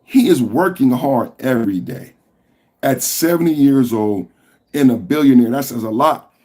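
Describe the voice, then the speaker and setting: A man hosting a political commentary podcast, talking with passion and profanity and at times rising to shouts. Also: medium pitch, animated, normal speed. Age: adult with a school-age son. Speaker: podcast host.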